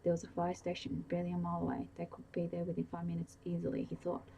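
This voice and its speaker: A woman whispering a bedtime story in a soft, hushed and even way, in a whispered role-play style. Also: on the low side, fast talker, vocal fry, slight background noise, low-quality recording. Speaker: audiobook reader.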